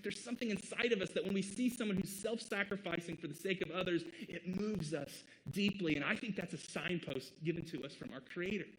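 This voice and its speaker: A man from the American Midwest delivers a sermon in a conversational, earnest way. His voice sits a little high for a man. He drives his points home with emphatic rhetorical questions. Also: rough recording. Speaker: pastor.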